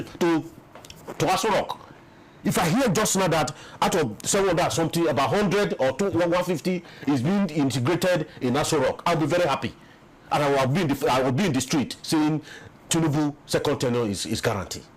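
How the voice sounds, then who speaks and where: A man's voice: on the high side, husky, poor audio. A man with a Nigerian English accent, giving impassioned, emphatic political commentary as an interview guest and repeating words as he builds his points. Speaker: interview guest, peace commission official.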